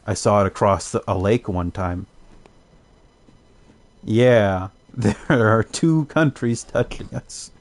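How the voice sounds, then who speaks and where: A man's voice: fairly low pitch, slow, long pauses, darkish tone. A young man, chatting casually while streaming a game, rambling and amused at his own jokes. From Canada. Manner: rambling, self-amused, joking asides. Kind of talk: casual commentary while gaming.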